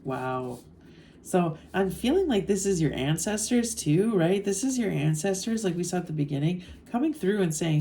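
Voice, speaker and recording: A woman doing a channeled tarot reading in a low, warm voice. She talks slowly and thoughtfully, pausing on soft fillers. A faint hiss sits under the recording. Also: lively intonation. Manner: slow, musing, with soft fillers. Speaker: tarot reader.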